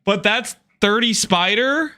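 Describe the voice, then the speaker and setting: A man streaming a game, chatting with viewers in an animated, teasing way with quick asides. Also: sits high. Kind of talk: livestream chat with viewers.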